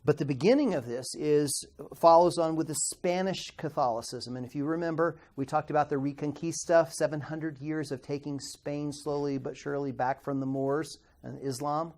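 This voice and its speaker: Teaching history at a Bible institute, this middle-aged man speaks at a moderate pace in a steady, slightly mellow voice on the high side, hardly pausing. He keeps the lecture conversational, quizzes his students, and trips over difficult words.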